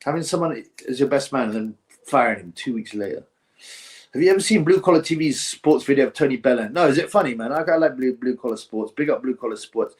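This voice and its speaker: A man's voice: medium pitch, lively intonation, fast talker. Rambling, mocking man on a boxing stream. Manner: rambling and mocking, breaks into mimicry and chuckles. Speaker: boxing live-stream host. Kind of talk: casual live-stream chat reading viewer comments.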